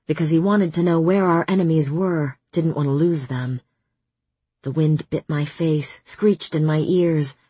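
A woman narrating a fantasy audiobook in the first person with steady, measured storytelling. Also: low voice, breathy edge, no echo.

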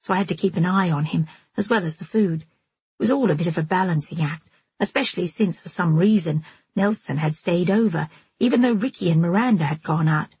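A woman reading a first-person novel aloud as an audiobook narrator, in a measured, steady manner. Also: fairly low pitch, husky, no echo.

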